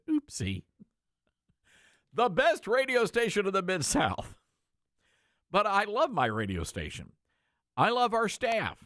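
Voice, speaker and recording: A man's voice: on the high side, fairly bright tone, no room sound, clean studio sound. A man hosting an opinionated talk radio monologue, joking and folksy as he addresses his listeners. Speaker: talk radio host and station owner.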